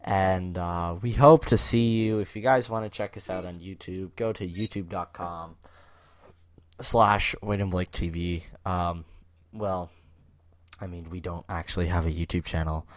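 A man's voice: deep voice, fairly even intonation, unhurried, no echo. A man co-hosting a podcast, joking and laughing through casual banter in mock slang. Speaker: podcast co-host.

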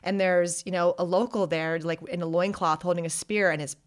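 A woman's voice: lowish voice, fairly quick. A woman casually telling a story in conversation, acting out people's lines as she goes. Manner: animated storytelling, acts out voices in quotes. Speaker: podcast co-host telling a story. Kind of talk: casual chat.

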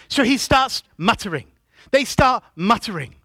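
High, bright-voiced preacher man. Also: big pitch swings, normal speed, dry recording. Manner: preaching with call-and-response to the congregation; builds to loud emphatic shouts. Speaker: pastor. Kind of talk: sermon. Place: church.

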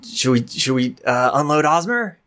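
A woman's voice: a bass voice, lively intonation, moderate pace, fairly bright tone, pitched above the performer's own voice. A woman voicing a nervous, chipper young female adventurer who stammers and hesitates.

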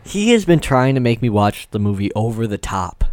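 A young man in a casual chat, teasing and quick to laugh. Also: on the low side, very animated, a little mellow, a little hiss or hum. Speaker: podcast guest.

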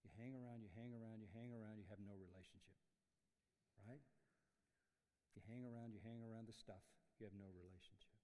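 A man preaching a sermon in a university chapel, emphatic, swinging from loud declarations to hushed lines. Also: fairly low pitch, steady tone, brisk, pauses often, big-room sound. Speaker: pastor.

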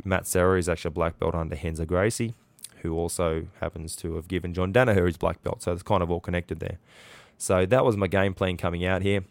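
A deep-voiced Australian man hosts a podcast, telling a story in a chatty, rambling way with plenty of fillers and restarts. It's casual storytelling, recorded with no room sound.

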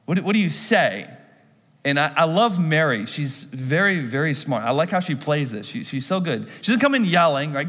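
Male pastor, animated sermon storyteller, slightly high voice, hall reverb. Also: slightly rough. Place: church.

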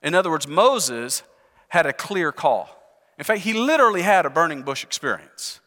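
Male pastor, earnest conversational sermon, bright tone, reverberant church sanctuary. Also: a little high, sing-song, moderate pace. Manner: earnest, conversational, rhetorical questions. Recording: long reverb in large hall.

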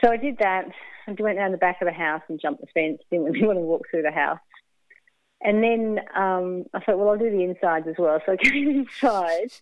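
A woman guest on a radio interview tells a personal story in a lowish, brisk voice. She's candid, laughs often, and acts out what people said, heard over a dry, tinny, phone-like line with no echo.

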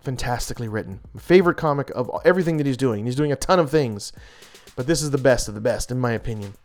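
A man's voice: medium pitch, animated, quick pace, soft background music. A man reviewing comic books in an enthusiastic, casual way, gushing with frequent restarts and small laughs.

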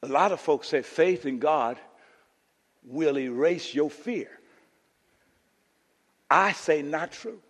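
A male pastor preaching a sermon, building to impassioned shouts and urging the congregation with "come on now.". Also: a little high, lively intonation, slow pace, pauses often. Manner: call-and-response "come on now". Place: church sanctuary. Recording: church hall reverb.

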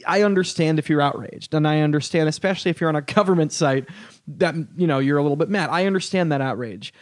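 A man's voice: a little high, quick pace, dry recording, clean studio sound. A man hosting a casual podcast chat who laughs often and swears freely. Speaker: podcast host.

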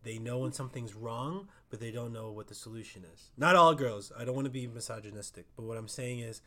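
Young guy podcasting, loud and passionate, arguing his point hard in casual chat. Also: mid-range voice, fairly quick. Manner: loud and passionate, argues with emphasis. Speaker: podcast co-host.

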